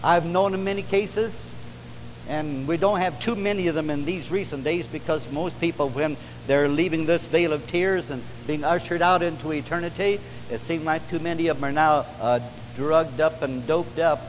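A male preacher delivers a revival sermon, his voice pitched a bit high and swelling with fervor on drawn-out phrases. He is recorded in a church with a long, ringing reverb. A faint hum sits underneath. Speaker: pastor. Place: church service.

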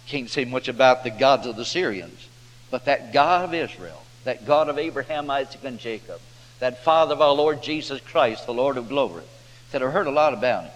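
A man's voice: medium pitch, expressive, moderate pace. Folksy preacher man in an echoing hall. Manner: folksy drawling preacher who acts out the characters' voices. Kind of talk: folksy sermon storytelling. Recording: hall reverb with faint hum.

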